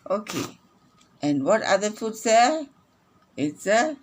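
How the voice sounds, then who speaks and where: A woman teacher reading a phonics lesson aloud to young children, repeating each sentence slowly and clearly. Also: mid-range voice, big pitch swings.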